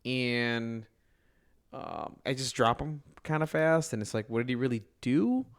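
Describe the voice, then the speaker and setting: A man's voice: mid-range voice, very animated, unhurried, creaky. A man co-hosting a casual gaming podcast, talking hesitantly with many ums. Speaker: podcast co-host.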